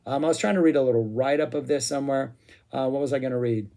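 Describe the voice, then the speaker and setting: Excitable rambling man reviewing music. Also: mid-range voice, fast talker. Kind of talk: casual spoken review.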